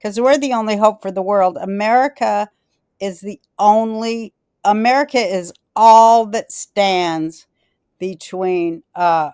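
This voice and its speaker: A woman podcast host tells rambling, profane stories in a smooth, clear voice. The sound is dry and close. She is blunt and drifts off topic. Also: medium pitch, slow, a little mellow, no room sound. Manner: rambling, profane and blunt, loses her thread. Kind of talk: casual rambling storytelling chat.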